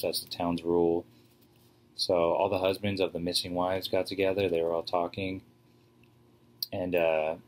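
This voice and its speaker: A young man tells a fairy tale off the cuff, with loose phrasing and restarts. His voice is deep and sits low. The delivery stays flat and even, with little melodic movement. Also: rough recording. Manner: loose, unscripted, with fillers and restarts. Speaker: storyteller. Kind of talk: casual retelling of a fairy tale.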